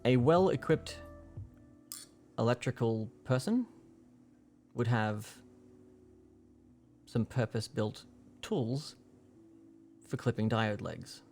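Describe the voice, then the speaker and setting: A man's voice: mid-range voice, animated, slow pace, long pauses, darkish tone, faint music behind. A young man casually explaining a keyboard build on a livestream, rambling with lots of fillers. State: hiccuping.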